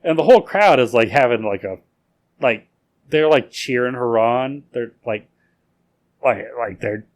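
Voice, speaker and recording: A man co-hosting a casual podcast, telling a history story in a rambling way with lots of filler words and swearing. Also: medium pitch. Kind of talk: casual drinking-game podcast chat.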